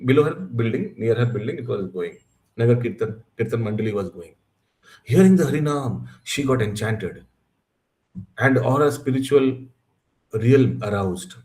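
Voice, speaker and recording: A man's voice: mid-range voice, animated, moderate pace, a little mellow. A man telling a devotional story in a class, acting out the quoted dialogue with animation. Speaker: class speaker.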